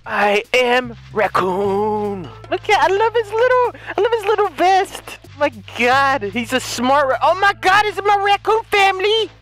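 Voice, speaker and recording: A young man doing excitable let's-play commentary as a gaming YouTuber. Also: extremely high pitch, moderate pace, few pauses, soft background music. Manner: hyper, excitable, jokey.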